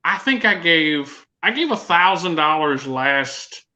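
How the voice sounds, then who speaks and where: A man's voice: fairly high pitch, expressive, takes it slowly, bright, forceful tone. A man hosting a podcast in casual chat, hesitant, with many restarts. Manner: hesitant, restarts before making a point. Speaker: podcast host. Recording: dull lo-fi sound.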